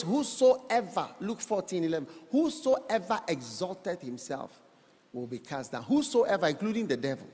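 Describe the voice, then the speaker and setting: Male pastor preaching, playful questions to the crowd, long reverby church sound. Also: high-pitched. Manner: animated, rhetorical, teasing the congregation. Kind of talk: sermon. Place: church hall.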